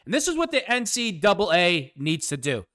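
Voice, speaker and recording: A man's voice: high-pitched, big pitch swings, moderate pace, fairly bright tone, no room sound, clean studio sound. A man hosting his own show, delivering a sarcastic, combative political commentary rant. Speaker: host.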